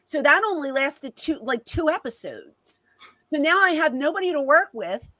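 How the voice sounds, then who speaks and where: A woman's voice: sits high, normal speed, no room sound, rough recording. A middle-aged woman, a guest in an interview, telling stories in a casual way and acting out the lines of the people in them. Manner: animated, reenacts conversations with quoted voices. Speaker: guest, former wrestling personality.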